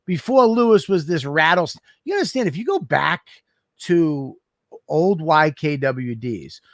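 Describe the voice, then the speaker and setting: A man co-hosting a podcast in casual chat, excitable and self-mocking, swearing often. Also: fairly high pitch, unhurried, no echo, studio quality. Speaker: podcast co-host.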